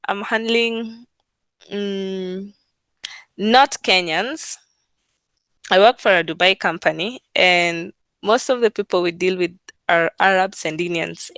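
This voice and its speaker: A woman's voice: mid-range voice, a bit bright, clear, resonant tone, dry recording. A woman who works in client service, talking casually and unhurriedly about her work, with many fillers and repeated phrases. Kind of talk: casual talk on work practice.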